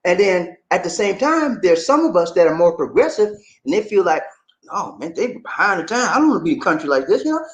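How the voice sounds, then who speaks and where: A man hosting a casual livestream, reading out viewer comments and chatting back in an animated, drawling way, often tossing in "man". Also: high-pitched, a little fast. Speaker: vlogger reading live chat.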